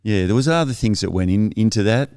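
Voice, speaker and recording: A man's voice: fairly low pitch, lively intonation, fast talker, a little mellow, smooth, no room sound, clean studio sound. A man as a podcast guest, earnestly telling his life story in a thoughtful, reflective way that is often self-correcting.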